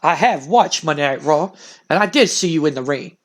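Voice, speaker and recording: A man voicing a self-serious male amateur detective who muses slowly. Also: a little high, lively intonation, pitched below the performer's own voice. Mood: suspicious.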